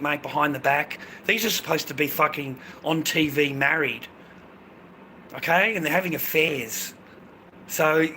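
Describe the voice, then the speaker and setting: An Australian man in a profane, rambling casual chat to viewers, breaking into loud bursts. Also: fairly high pitch, slight background noise.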